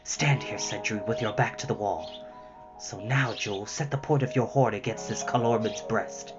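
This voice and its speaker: A man voicing a stern, noble young king who speaks low and grave, often in a whisper. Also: moderate pace, music in the background, natural voice. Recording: slightly muffled lo-fi recording.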